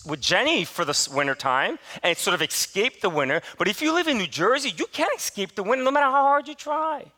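A man preaching from the pulpit of a church, his voice pitched high and swinging widely as he tells a story on himself. He is candid and self-deprecating, and his tone stays bright and forward. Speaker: pastor. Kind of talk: sermon with personal storytelling.

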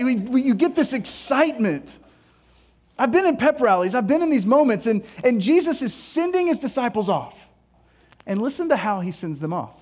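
A high-pitched male pastor delivers a sermon with lively, playful energy. He acts out little scenes and answers his own questions as he preaches. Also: fairly quick. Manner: animated, playful storytelling with mock dialogue.

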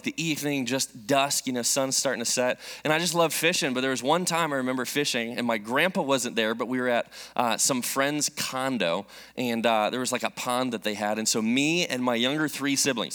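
A man in his thirties preaching a sermon, telling a personal story in an animated, joking way. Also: mid-range voice. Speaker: pastor.

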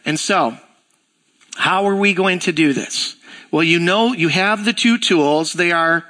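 A man's voice: high voice, unhurried. A pastor giving a sermon in a church, talking conversationally and acting out the voices in his stories. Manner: conversational, animated storytelling with acted-out dialogue.

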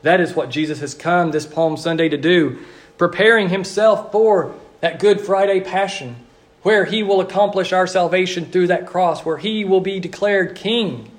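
A man delivers a sermon as a pastor, his voice sitting noticeably high. He speaks earnestly in a repetitive liturgical cadence, slowing down on emphatic phrases.

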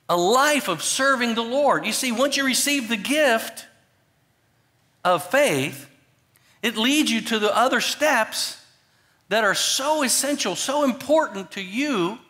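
Delivering a sermon, this man, a pastor, stays animated throughout, alternating forceful loud outbursts with hushed, low-voiced asides.

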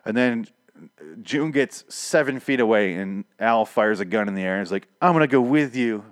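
A man's voice: fairly low pitch, moderate pace, clear, resonant tone, no room sound, studio quality. A man casually recapping and reviewing a TV episode, rambling and sarcastic, swearing often and acting out the characters' lines.

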